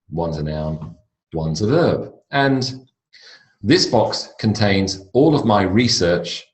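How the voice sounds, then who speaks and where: Australian male teacher, low voice, deliberate and repetitive delivery, roomy echo. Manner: slow, deliberate, repeats words for emphasis. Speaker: English pronunciation teacher. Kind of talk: recorded online lecture.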